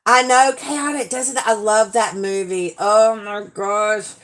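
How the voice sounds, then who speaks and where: A woman's voice: medium pitch, steady tone, a little slow. A woman from Alabama with a Southern accent, hosting a casual live stream in a chatty, gushing way as she reads out viewer comments.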